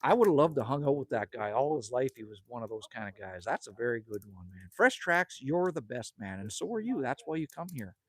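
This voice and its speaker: A man's voice: mid-range voice, very animated, a little fast, few pauses, slightly rough. A man, hosting a casual outdoor livestream and rambling in a friendly way while reading viewer comments. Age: 50s. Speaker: livestream host. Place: outdoors at a country cabin at sunset.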